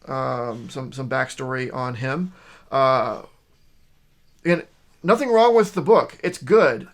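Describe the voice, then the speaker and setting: A comic shop video host, speaking slowly at a medium pitch, casually reviews a stack of new comic books. He rambles enthusiastically, with plenty of fillers and restarts.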